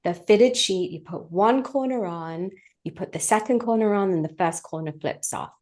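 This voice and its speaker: A middle-aged woman, a guest on a podcast, telling a personal story in a candid, animated way and acting out the things she once said. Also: mid-range voice, normal speed. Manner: animated, vivid storytelling that acts out her own past words; candid and chatty, talks straight to the listeners.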